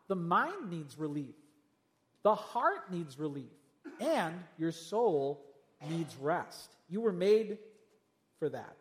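A man preaching a sermon to a congregation, animated, with rhetorical questions and humorous asides. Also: high-pitched. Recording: long hall reverb.

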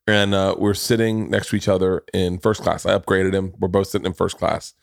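A man's voice: sits low, flat delivery, a little fast, gravelly, no room sound, clean studio sound. A man hosting a podcast in casual chat, telling self-deprecating stories with frequent restarts and swearing. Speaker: podcast host.

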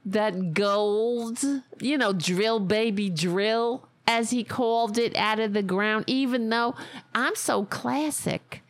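A woman's voice: fairly high pitch, slow, no room sound. A woman podcast host with a Staten Island accent, giving sarcastic, mocking and profane political commentary. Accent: Staten Island New York.

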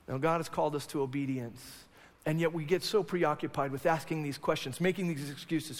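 A male pastor preaching a sermon to his congregation, animated and acting out quoted voices. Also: on the high side, fairly quick. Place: church sanctuary. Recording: long hall reverb.

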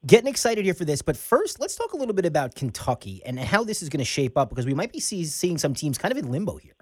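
A man co-hosting sports radio, upbeat and animated as he moves the show along. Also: a little high, fast talker, husky, no room sound, clean studio sound.

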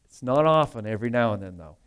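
A pastor preaching a sermon in a conversational, emphatic way, full of rhetorical asides. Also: male voice, medium pitch, lively intonation, fast, smooth.

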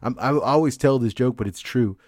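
A man's voice: medium pitch, brisk, a little mellow, no room sound, clean studio sound. Profane, rambling young man. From Mexican heritage. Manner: profane, rambling storytelling, laughs often. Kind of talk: casual chat.

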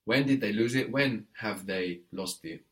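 A man teaching French one-on-one, walking his student through each sentence piece by piece. He speaks slowly and deliberately in a lowish voice, correcting gently. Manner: patient, prompts and corrects step by step. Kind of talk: one-on-one language lesson.

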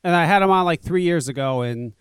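A man's voice: on the high side, quick pace, clear, resonant tone, no echo, clean studio sound. A man hosting a talk radio show, chatting casually in a rambling, profane way and laughing often.

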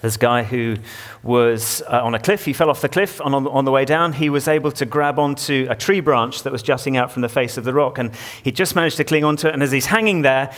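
A male pastor giving a sermon in a church. His voice sits at an ordinary mid pitch, and his delivery is conversational, with frequent questions aimed at his listeners. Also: a little fast, fairly bright tone. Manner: conversational, asks the congregation questions.

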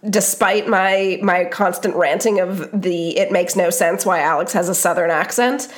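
A woman's voice: on the low side, normal speed. A woman co-hosting a podcast, chatting casually, wry and sarcastic, with many hesitant fillers. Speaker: podcast co-host. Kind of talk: casual chat.

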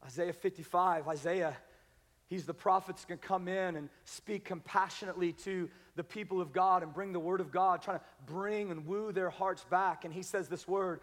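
A man preaching a sermon as pastor, building up to loud, emphatic calls and then dropping to quiet, intimate passages. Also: high voice, steady tone, moderate pace, big-room sound. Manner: preaching with rising, shouted emphasis. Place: large church sanctuary.

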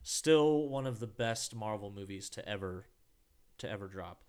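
A man's voice: lowish voice, animated, moderate pace, darkish tone. A man co-hosting a podcast in casual chat, rambling and restarting his sentences, swearing now and then. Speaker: podcast co-host.

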